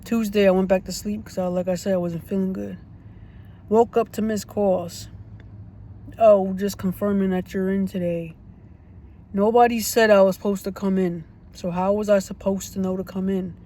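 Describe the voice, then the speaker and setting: Storytime vlogger, mid-range pitch, fired up and repetitive, cursing casually, light background hiss. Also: fairly even intonation, fairly quick, warm tone. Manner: blunt and indignant, swears freely; repeats points for emphasis.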